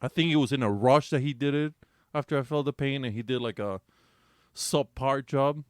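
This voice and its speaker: A man co-hosting a podcast, telling a raunchy story in casual chat, animated and swearing freely, with bursts of laughter. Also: mid-range voice, normal speed, smooth, no room sound, studio quality. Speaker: podcast co-host.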